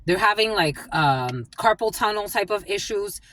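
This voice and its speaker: A woman doing a channeled psychic reading, speaking in halting bursts and repeating single words as they come to her. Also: mid-range voice, animated, a bit bright, slight background noise. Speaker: psychic reader.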